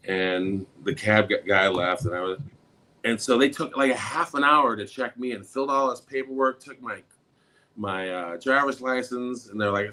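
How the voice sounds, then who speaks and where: A middle-aged man with a bright, forceful voice tells a story in casual conversation. His pitch sits in the middle for a man. When he quotes people he jumps up high and loud, almost shouting. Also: moderate pace. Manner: animated, acts out quotes in a raised, shouting voice. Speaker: podcast co-host.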